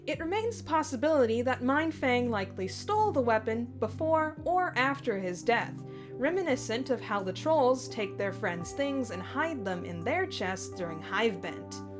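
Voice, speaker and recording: A woman's voice: fairly high pitch, very animated, moderate pace. A woman narrating scripted fandom facts with dry, teasing banter. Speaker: co-host of fandom facts video. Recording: music bed behind voice.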